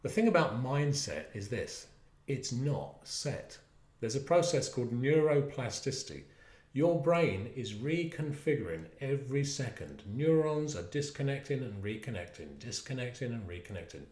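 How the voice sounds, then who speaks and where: A medium-pitched man gives guided instructions for a stress management exercise, his voice reverberating around him. He coaxes listeners along in an animated way, lingering on drawn-out words.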